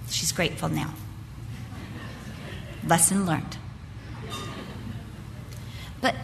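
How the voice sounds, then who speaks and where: This older woman speaks in a slightly high voice at a measured pace. At a women's Christmas event, she first acts out family members in a lively anecdote, then settles into sincere preaching, all recorded in an echoing hall with faint background noise.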